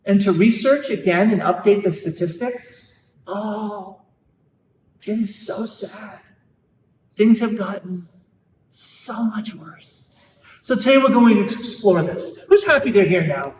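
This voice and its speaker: A man giving an earnest live talk to parents, emphatic and slowing down hard on key points. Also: high-pitched, slight background noise. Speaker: Catholic speaker on parenting. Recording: echoey hall, mic at a distance.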